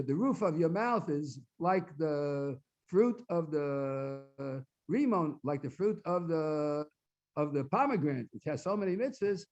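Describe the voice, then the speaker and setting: A man's voice: sits high, a little mellow. A man, a rabbi, gives a Talmud lecture in a synagogue, explaining each source phrase by phrase and translating as he goes, sometimes repeating words while he looks for the next phrase. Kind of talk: Talmud lecture at a study completion. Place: synagogue hall. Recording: dull lo-fi recording.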